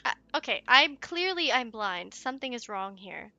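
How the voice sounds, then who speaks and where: A woman giving let's play commentary, excitable and giggly, chatting to her viewers and cooing at in-game pets. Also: fairly high pitch, moderate pace, highs cut off.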